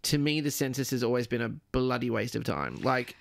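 Australian man, radio panelist, gravelly, chatty and self-deprecating. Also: medium pitch, lively intonation, fairly quick. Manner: chatty, self-mocking, giggly. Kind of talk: casual chat.

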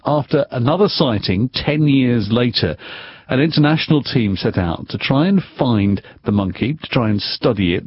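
A man presenting a radio news programme in a measured, steady delivery. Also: mid-range voice, slightly rough, highs cut off.

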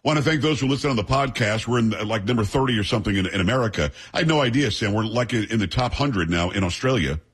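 Man, talk radio host, quick pace, husky voice, opinionated and teasing. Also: fairly low pitch, lively intonation, fairly bright tone. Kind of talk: talk radio commentary and banter.

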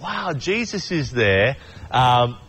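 A man's voice: medium pitch, very animated, slow pace, fairly bright tone, slightly rough. A man giving a casual sermon, chatty and joking, acting out quotes and often restarting his sentences. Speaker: preacher.

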